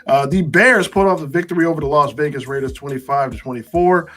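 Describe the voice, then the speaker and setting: A man co-hosting a casual sports talk show, running through scores with animated, wry asides. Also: fairly high pitch, fast.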